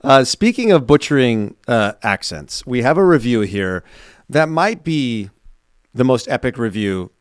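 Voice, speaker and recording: A male podcast co-host chatting casually in a mid-range voice, animated and rambling with plenty of fillers. The sound is smooth and clear, dry and close. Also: medium pitch, a little slow, no room sound. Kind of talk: casual chat.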